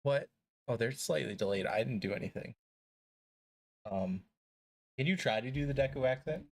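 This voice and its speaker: A man's voice: mid-range voice, expressive, normal speed. A young man chatting casually on a live game stream, joking, rambling and swearing freely.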